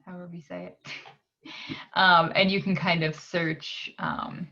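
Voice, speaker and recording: A woman from a library talking through a software tutorial on her screen, unhurried and pausing with "um" as she clicks along. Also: fairly low pitch, flat delivery, muffled recording. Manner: unhurried, frequent "um" pauses while clicking.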